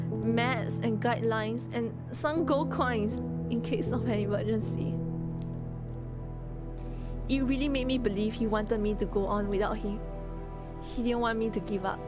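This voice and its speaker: A small, gentle orphan girl speaks in a high, halting voice, fighting back tears as her words falter, as a woman reading aloud puts her on. Her soft storybook voice sits over clear music in the background. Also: lightly acted.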